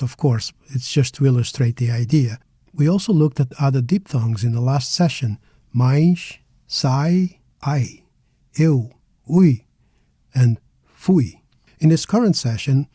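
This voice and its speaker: A middle-aged man teaching a pronunciation lesson, slowly modeling words syllable by syllable. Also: medium pitch, dark tone, slightly rough, no echo, studio quality. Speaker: language teacher. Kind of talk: slow, careful pronunciation lesson.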